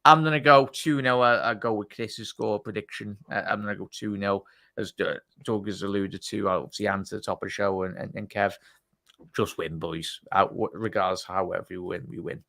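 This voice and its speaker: A man's voice: on the low side, steady tone, fairly quick, creaky, fairly bright tone, dry recording. A man hosting a casual live stream, chatty and teasing as he reads out chat messages. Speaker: host.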